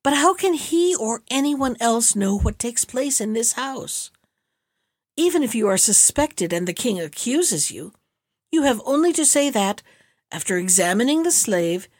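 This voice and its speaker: A motherly noble lady from an old tale, earnest and pleading, as a woman reads her. The voice is on the high side, recorded dry and close. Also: expressive, measured pace, darkish tone, no room sound. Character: worried noble wife of a vizier, motherly.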